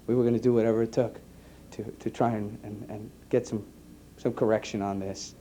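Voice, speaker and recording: A man, an EMT giving an earnest personal testimony to an audience, halting and repeating his words. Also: fairly low pitch, flat delivery, mellow, a little hiss or hum. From New York. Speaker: EMT speaking to a conference.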